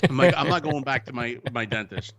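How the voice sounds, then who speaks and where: A man telling a story in a casual podcast chat, animated and profane, acting out the people in it. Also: medium pitch, a little fast. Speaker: co-host.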